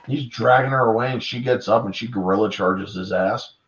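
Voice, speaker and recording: A man in his thirties recounting a monster movie in casual chat, excitable and profane, acting out characters in voices. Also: fairly low pitch, fairly quick. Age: 30s. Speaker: podcast panelist. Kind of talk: casual film discussion. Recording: dull lo-fi audio.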